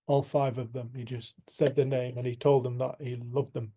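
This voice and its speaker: With a level tone at medium pitch, a man tells a personal story during a reflective spiritual talk for a community group. His delivery is earnest and at moments quiet and unhurried.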